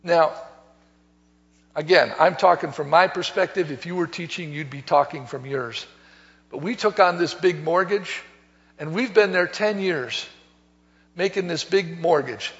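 High-voiced man preaching in a reverberant church. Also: a little slow, fairly bright tone. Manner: conversational storytelling with emphatic exhortation. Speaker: pastor. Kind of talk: sermon. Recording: long hall reverb, dull lo-fi sound.

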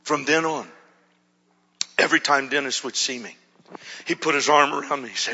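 Husky, bright-voiced storytelling pastor. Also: male voice, mid-range voice, brisk, pauses often. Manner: animated, acts out quotes with shouts and whispers. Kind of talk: storytelling sermon. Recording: dull recording in a hall with long reverb.

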